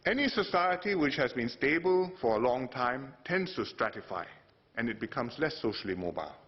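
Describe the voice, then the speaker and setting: Man, formal parliamentary speech, lively rising and falling pitch, dull broadcast sound. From Singapore. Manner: measured, delivered in short phrases with emphatic rises. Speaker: politician addressing parliament. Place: parliament chamber.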